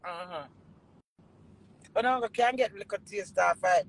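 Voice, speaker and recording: A woman's voice: mid-range voice, measured pace, gravelly, poor audio. A woman with a Jamaican accent delivering a heated, profane monologue full of repeated curses. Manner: heated, profane, repetitive cursing. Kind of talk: angry ranting monologue.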